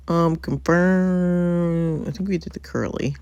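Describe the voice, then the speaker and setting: A woman's voice: lowish voice, drawn-out words, pauses often, dark tone, no echo, studio quality. A woman hosting a casual let's-play, chatty and thinking aloud with frequent ums and laughs. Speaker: gaming channel host.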